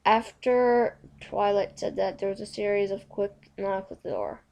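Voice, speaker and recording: A woman reading a fanfiction story aloud, tripping over words and going back to fix them. Her mid-pitched voice carries a noticeable gravelly fry. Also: fairly even intonation, unhurried, few pauses, darkish tone. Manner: stumbling, self-correcting reading. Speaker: fanfiction reader.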